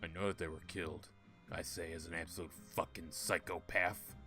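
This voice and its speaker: A man's voice: deep voice, fairly even intonation, moderate pace, sharp tone, soft background music. A man giving casual, sarcastic, profane commentary while playing a point-and-click game. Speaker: gaming streamer. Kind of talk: casual let's-play commentary.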